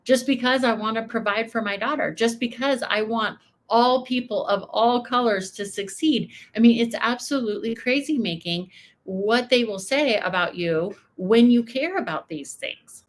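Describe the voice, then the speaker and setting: A woman in her thirties hosting a reaction video, talking in an emphatic, animated way. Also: on the high side, moderate pace. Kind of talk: casual commentary.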